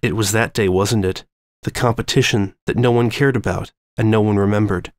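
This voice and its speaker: A man giving a measured, ominous reading of a dark story to his listeners. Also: lowish voice, fairly even intonation, no echo, clean studio sound. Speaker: story reader.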